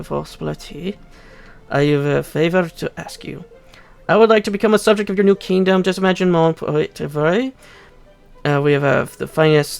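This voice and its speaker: A man's voice: fairly high pitch, vocal fry. A man voicing a flamboyant, fashion-obsessed video game courtier, putting on theatrical French flair. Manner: theatrical, sprinkling in mock French words.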